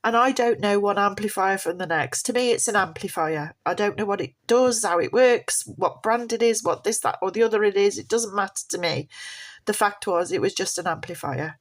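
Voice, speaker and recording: A middle-aged woman tells a personal family story in a loose, rambling way, circling back and repeating her words. She speaks in a steady mid-range voice that sounds sincere and heartfelt. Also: medium pitch, moderate pace. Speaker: mother sharing a family story.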